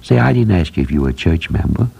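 A man's voice: a bass voice, very animated, quick pace, gravelly, dark tone, husky. An older man preaching an earnest radio sermon, building to emphatic repeated phrases. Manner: earnest, rising to emphatic repetition.

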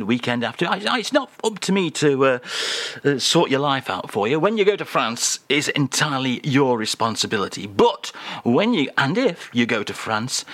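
A man's voice: mid-range voice, pushed and bright, no echo. A man hosting a comic radio segment, bantering in a chirpy, mock-pompous way. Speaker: radio host.

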